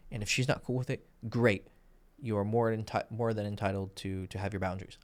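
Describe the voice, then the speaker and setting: A man giving crude, blunt dating advice in a casual, lecturing monologue, full of profanity. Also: fairly low pitch. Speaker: dating coach.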